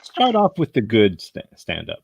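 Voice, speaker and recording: A man's voice: lowish voice, huge pitch swings, normal speed, vocal fry, breathy edge, no echo. A man hosting a casual chat who talks hesitantly, with many fillers and restarts. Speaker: host.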